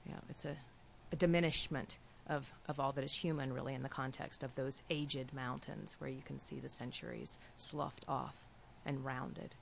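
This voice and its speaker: A woman with a light Appalachian accent speaks in a low voice, thoughtful and literary in her phrasing. She talks as a writer in a casual panel discussion. Faint room ambience sits behind her. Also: fairly even intonation, moderate pace, creaky, few pauses, a little hiss or hum.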